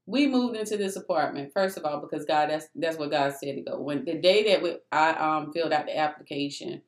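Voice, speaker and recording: Woman, low voice, emphatic faith testimony, echoey room. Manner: animated, emphatic, addresses listeners as "y'all". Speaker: testimony speaker. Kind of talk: faith testimony, casual storytelling.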